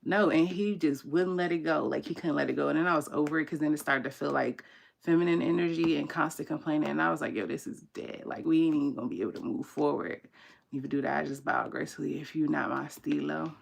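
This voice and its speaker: A young woman with a deep, creaky voice talks fast as she hosts a casual tarot livestream. The tarot reader and channel host tells her viewers candid, animated stories full of slang and laughter.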